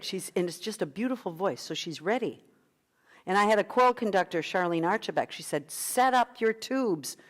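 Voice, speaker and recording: A middle-aged woman leading an online vocal workshop as a coach, guiding breathing exercises in an encouraging manner. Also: mid-range voice. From United States.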